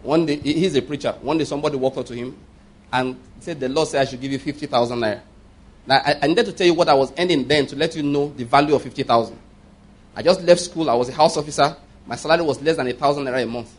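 A Nigerian man in his fifties preaches with a husky, slightly raised voice. He presses every point hard and keeps asking his listeners if they get it. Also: on the high side, quick pace. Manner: emphatic, keeps checking the congregation understands. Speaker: pastor. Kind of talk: sermon.

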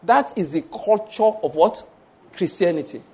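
A Nigerian pastor in full sermon, his voice pitched high for a man. He tells stories and slips into the voices of the people in them. Now and then he bursts into loud, shouted mock prayers. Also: lively intonation, measured pace, breathy edge. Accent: Nigerian English.

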